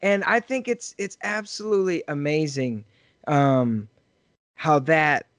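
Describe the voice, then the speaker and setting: A man's voice: fairly high pitch, slow, fairly bright tone, no echo. Effusive male host, dry close sound. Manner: enthusiastic, effusive praise. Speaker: interview host. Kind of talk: casual interview chat.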